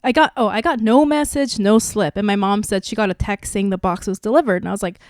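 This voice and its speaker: A woman in her thirties hosting a podcast, telling a personal story candidly, with lively restarts. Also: medium pitch, fast, no echo, studio quality. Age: 30s. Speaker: podcast host. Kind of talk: casual podcast chat.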